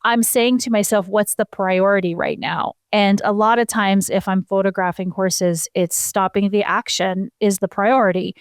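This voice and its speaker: Woman podcast host, smooth clear voice, close dry mic, chatty explainer. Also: mid-range voice, steady tone, normal speed, hardly any pauses, no echo. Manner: chatty, explanatory, self-deprecating. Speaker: podcast co-host, horse photographer. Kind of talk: casual podcast chat.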